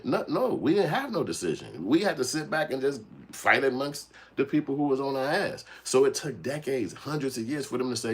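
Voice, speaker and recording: A man's voice: mid-range voice, very animated, fairly quick, slightly rough. A man hosting a commentary livestream, ranting bluntly and with heavy profanity while calling out his chat viewers. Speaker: channel host commenting on a clip.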